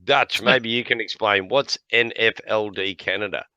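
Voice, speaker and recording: Give me a bright-voiced Australian man spinning yarns. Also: lowish voice, normal speed, no room sound, highs cut off. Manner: laughs often, swears freely, lively yarn-spinning. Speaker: livestream host. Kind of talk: casual chat with jokes and yarns.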